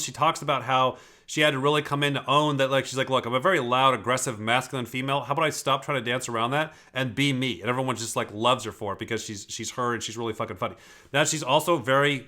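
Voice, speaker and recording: Rapid, emphatic man commenting on clips. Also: mid-range voice, sharp tone. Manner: emphatic, profane, rapid explaining. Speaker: personality typing commentator. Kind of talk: casual commentary on video clips.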